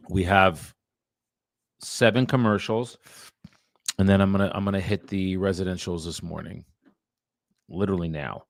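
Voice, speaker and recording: A man's voice: low-pitched, dry recording, clean studio sound. A man, a real estate agent chatting casually on a livestream between cold calls. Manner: casual, rambling, talks to viewers between calls. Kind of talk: casual livestream chat while cold calling. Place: his home studio.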